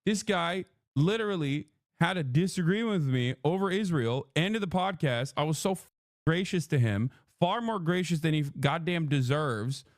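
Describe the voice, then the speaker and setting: A political livestreamer, a man with a fairly high, animated voice at normal speed, delivers a heated, profane rant while repeatedly mocking his critics through sarcastic impressions. The audio is studio quality with no room sound, heard as a clip played within a reaction stream.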